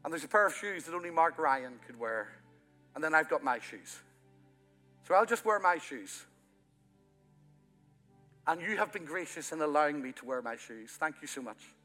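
A bright, ringing male voice from Ireland preaches from a church platform. He rises to loud, emphatic peaks and then drops to a near-hushed intimacy, a touch high for a man, with soft band music beneath him. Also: animated, moderate pace, long pauses. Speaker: pastor. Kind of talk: sermon.

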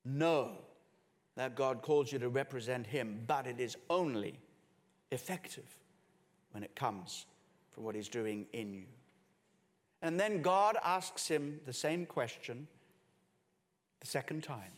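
A man preaching a sermon, swinging between hushed low passages and raised emphatic ones. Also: takes it slowly, long pauses. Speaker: pastor. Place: church hall with congregation and musicians. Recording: long reverb of a church hall.

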